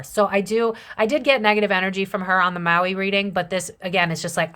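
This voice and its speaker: A woman's voice: on the low side, fairly quick, hardly any pauses, a bit bright. Chatty, blunt young woman reading tarot. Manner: chatty and blunt, with slang and swearing. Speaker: psychic tarot reader. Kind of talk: casual tarot reading to camera.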